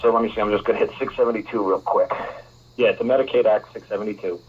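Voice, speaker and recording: A man hosts a talk radio show and lectures a caller in an emphatic, repetitive way. His voice is husky. The broadcast sounds muffled and lo-fi. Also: on the low side, fairly even intonation, racing.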